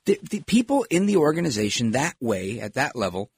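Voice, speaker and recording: Man, middle-aged, talk host, husky, lively swinging pitch, rambling opinionated commentary. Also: a little fast, no echo, clean studio sound. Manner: rambling, animated, digressive.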